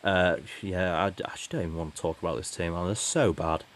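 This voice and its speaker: Man, very deep voice, podcast co-host, casual sports chat, rambling. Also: steady tone, quick pace. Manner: rambling, many restarts and fillers.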